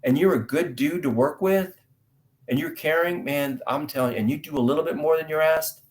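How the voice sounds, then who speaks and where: A middle-aged man from the United States, an actor guest telling stories in an interview and acting out dialogue loudly. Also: a little high, a little fast. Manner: animated storyteller, acts out dialogue loudly. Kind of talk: storytelling interview talk.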